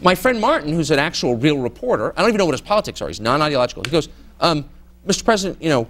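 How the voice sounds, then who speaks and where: A man's voice: on the high side, big pitch swings, rapid-fire, a bit bright. A middle-aged man, a journalist guest, answering student questions in a candid, sardonic way and mimicking people in mock voices. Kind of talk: candid audience Q&A.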